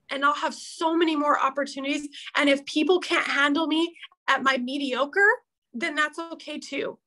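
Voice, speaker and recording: A woman's voice: sits high, bright, forceful tone, low-quality recording. A woman in her thirties giving an emotional, heartfelt pep talk to her team, earnest and open, close to tears at times. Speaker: team leader at an accountability meeting.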